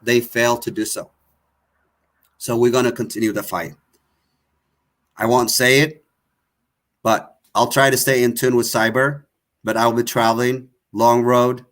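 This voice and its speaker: A man's voice: medium pitch, little pitch movement, a little slow, long pauses, fairly bright tone. Impassioned man hosting. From Tigray. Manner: emotional, accusatory, repetitive. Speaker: online show host. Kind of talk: impassioned political talk.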